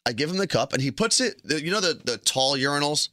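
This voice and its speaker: Fast, animated young man co-host. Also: fairly high pitch, dry recording, studio quality. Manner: joking, storytelling, teasing. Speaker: podcast co-host. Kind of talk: casual chat.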